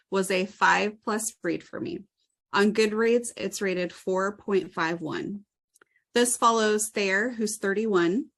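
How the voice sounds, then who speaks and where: A woman in a casual book review chat, walking through a story's plot steadily and plainly. Her voice sits at a middle pitch.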